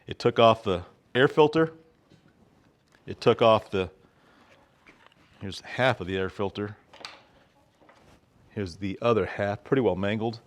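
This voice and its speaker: A man's voice: on the low side, unhurried, long pauses. A middle-aged man talking casually to his viewers in a folksy, rambling way, often calling them folks. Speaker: vlogger. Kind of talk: casual vlog monologue.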